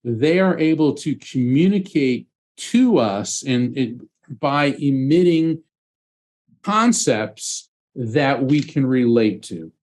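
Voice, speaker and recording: Animated male guest, mid-pitched, acts out his anecdotes. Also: slow. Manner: expressive, acts out quotes and sound effects. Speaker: psychic medium guest. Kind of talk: animated storytelling interview.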